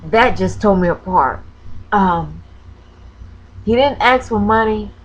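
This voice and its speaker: A woman's voice: mid-range voice, lively intonation, slow pace, muffled recording. A woman vlogger telling a personal story, hesitant and full of ums and self-corrections, close to tears as she talks. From Florida. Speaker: crafting vlogger.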